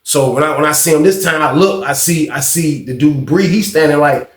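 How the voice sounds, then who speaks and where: A man's voice: a little high, a little fast, reverberant. A man in his thirties casually telling a story, full of slang and "like" and "man". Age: 30s.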